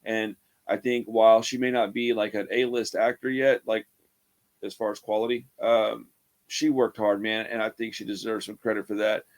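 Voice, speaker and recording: A man's voice: lowish voice, level tone, moderate pace. Laid-back man rambling a movie review. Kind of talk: casual spoken movie review.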